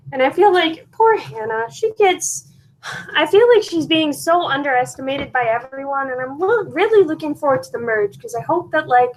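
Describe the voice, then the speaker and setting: High-voiced young woman musing calmly. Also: moderate pace, low-quality recording. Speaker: podcast co-host. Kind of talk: casual chat.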